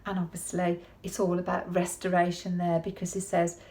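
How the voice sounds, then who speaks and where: A woman's voice: on the low side, completely flat delivery, normal speed, darkish tone. A woman giving a conversational sermon in a chatty, folksy way, often turning to the listener with tag questions. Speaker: preacher.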